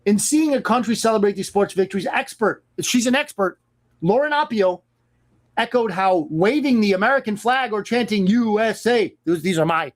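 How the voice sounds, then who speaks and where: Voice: medium pitch, animated, normal speed. A radio talk show host giving an opinionated monologue, emphatic and sarcastic, with mocking asides aimed at the people in the news.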